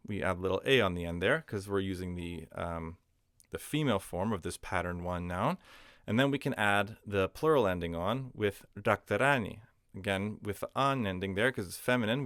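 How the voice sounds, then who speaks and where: Low, smooth-voiced man teaching a lesson. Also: fairly bright tone, no echo, clean studio sound. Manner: patient, explains step by step with frequent fillers. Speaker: language teacher. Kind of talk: explanatory lesson narration.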